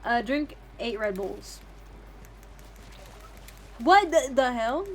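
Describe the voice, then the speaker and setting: A woman's voice: fairly high pitch, expressive, drawn-out words, slight background noise. A young woman streaming a game, chatting casually in a rambling, profane, giggly way. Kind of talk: casual livestream chat.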